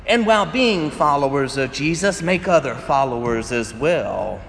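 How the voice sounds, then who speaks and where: A man's voice: a little high, animated, moderate pace, creaky, few pauses, a bit bright, a little hiss or hum. Man preaching in an echoey hall. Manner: conversational storytelling, often laughing. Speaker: pastor. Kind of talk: sermon. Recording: echoey hall with faint ambience.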